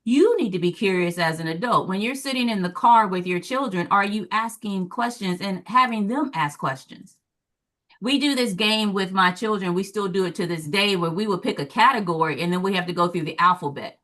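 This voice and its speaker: Southern woman in her forties, bright forward tone, animated storyteller who acts out quoted voices. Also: medium pitch, brisk. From American South. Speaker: guest speaker, former teacher and parent. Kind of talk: storytelling in a talk show discussion.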